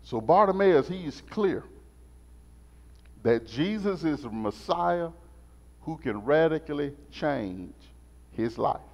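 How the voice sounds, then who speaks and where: A man teaching a Sunday school lesson as a sermon, animated and repetitive in a call-and-response style. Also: a little high, takes it slowly, long pauses. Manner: animated, call-and-response preaching, repeats phrases. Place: church sanctuary. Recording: muffled sound in a reverberant church.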